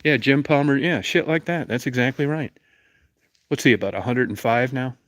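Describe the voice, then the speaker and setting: A man's voice: mid-range voice, moderate pace, fairly bright tone, no echo. A middle-aged man telling a crude, rambling, profane story and acting out the people in it. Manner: profane, rambling, acts out quoted voices.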